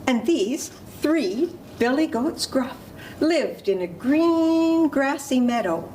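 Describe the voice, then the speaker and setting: A woman storyteller performing a folk tale for children, animated and inviting the audience to join in. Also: high voice, takes it slowly, slight background noise. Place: library storytelling event.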